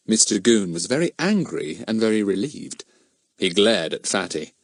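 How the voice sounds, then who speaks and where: Man narrating an animated audiobook. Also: on the low side, moderate pace, no room sound. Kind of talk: scripted narration.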